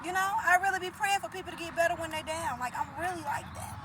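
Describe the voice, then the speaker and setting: A woman's voice: extremely high pitch, quick pace, background noise. A woman, talking bluntly and profanely to the camera in a preachy, emphatic way. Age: 30s.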